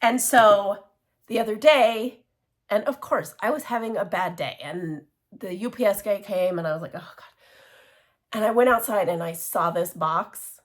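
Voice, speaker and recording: A woman chatting casually in a show-and-tell craft vlog, gushing and excitable, with many restarts and laughs. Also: medium pitch, moderate pace. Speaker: cross-stitch vlogger.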